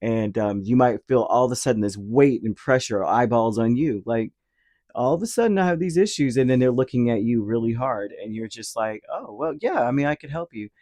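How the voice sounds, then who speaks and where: A man reads tarot casually at a fairly quick clip, his medium-pitched voice a little mellow with no room sound. He wanders, uses plenty of fillers and briefly acts out imagined things people might say.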